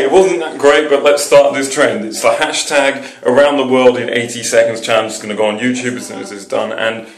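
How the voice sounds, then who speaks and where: A man's voice: medium pitch, steady tone, fairly quick, hardly any pauses. A young man from England with an English accent, joking and rambling cheekily in a casual vlog. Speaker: vlogger. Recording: echoey room.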